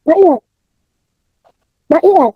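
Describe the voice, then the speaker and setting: A woman's voice: very high voice, animated, slow pace, dry recording, narrow, tinny audio. A Nigerian woman teaching an online class, emphatic and motivational, often repeating her key points.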